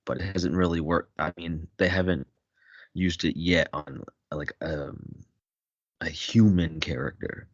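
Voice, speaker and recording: Man, rambling podcast co-host, dry close sound, very low voice. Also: fairly even intonation, a little slow, dry recording. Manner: rambling, filler-heavy. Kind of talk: casual podcast chat. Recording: dry, dull lo-fi mic.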